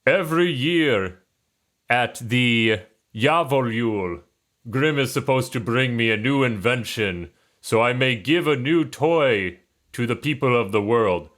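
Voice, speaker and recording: A man voicing a booming, pompous yule spirit who holds a captive, in a put-on Russian accent. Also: pushed and bright.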